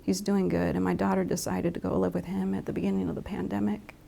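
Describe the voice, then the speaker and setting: A middle-aged woman talks openly in an interview, her voice carrying a gravelly edge. She is reflective and halting, often starting a sentence over before she finishes it. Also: lowish voice, little pitch movement, dark tone, a little hiss or hum. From Michigan. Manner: halting, reflective, with frequent restarts. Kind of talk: candid interview.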